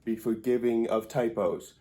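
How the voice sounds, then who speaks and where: A man's voice: medium pitch, measured pace, dark tone. A man giving a comedic grammar lesson at a whiteboard indoors, rambling and wry in a mock-serious way.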